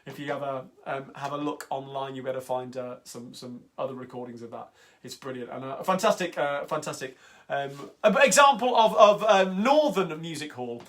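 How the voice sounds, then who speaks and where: A man's voice: medium pitch, moderate pace, a bit bright. A man hosting a singalong livestream, chatting casually and eagerly between songs with plenty of ums and uhs. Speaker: singalong host. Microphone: home livestream mic. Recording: guitar music close behind the voice.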